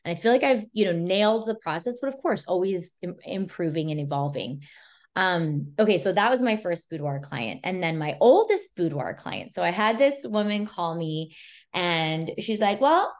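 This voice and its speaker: A woman's voice: lowish voice, animated, normal speed. Chatty woman photographer telling stories. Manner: chatty, filler-heavy, retells scenes with quoted dialogue. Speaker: boudoir photographer guest. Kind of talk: casual storytelling chat.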